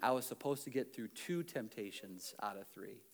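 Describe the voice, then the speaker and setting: A male pastor preaching an animated sermon, swinging between loud urging and hushed earnestness, with self-deprecating humor. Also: medium pitch, normal speed, creaky.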